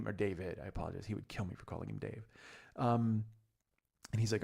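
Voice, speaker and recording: A man's voice: lowish voice, quick pace, vocal fry, darkish tone. A man in his forties hosting a comedy podcast, talking in a rambling, profane, self-deprecating monologue full of restarts. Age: 40s. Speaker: podcast host.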